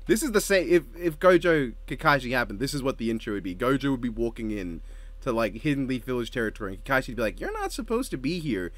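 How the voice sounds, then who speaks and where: A man's voice: medium pitch, lively intonation, quick pace, dry recording. A man chatting casually as a co-host, joking, swearing freely and laughing often. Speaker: co-host ranking show intros. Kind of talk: casual podcast chat.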